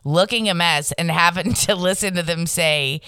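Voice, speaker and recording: A woman's voice: lowish voice, moderate pace, pushed and bright, smooth, dry recording, studio quality. A woman co-hosting a casual podcast chat, brash and profane, laughing often. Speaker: podcast co-host.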